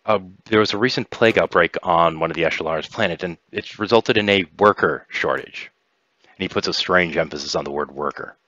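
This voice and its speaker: Deep-voiced man narrating a tabletop game. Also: fast, no echo, dull audio. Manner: animated, storytelling. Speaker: game master.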